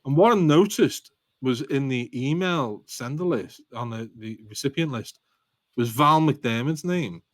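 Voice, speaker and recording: A man's voice: medium pitch, expressive, measured pace, dry recording. A man with a Liverpool Scouse accent, a guest on a podcast, telling stories in a rambling, self-deprecating way and laughing often. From Liverpool, England. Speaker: guest author. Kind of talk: casual storytelling in a podcast interview.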